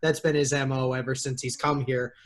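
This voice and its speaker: A man's voice: medium pitch, little pitch movement, fairly quick. A man guesting on a sports podcast, chatty and opinionated. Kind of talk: casual sports podcast talk.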